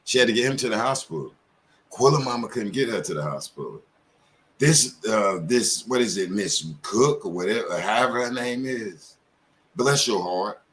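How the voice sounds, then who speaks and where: A man's voice: on the low side, expressive, moderate pace, fairly bright tone, a little hiss or hum. A man giving heated commentary as a show host, firing off rhetorical questions.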